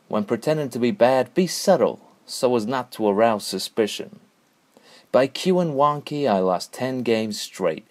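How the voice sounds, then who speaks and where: A man narrating a comic hard-boiled story in a deadpan, noir style. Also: on the low side. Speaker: comedian narrator.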